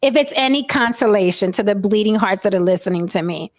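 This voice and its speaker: A woman telling a wild personal story in casual chat, profane and animated. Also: medium pitch, brisk.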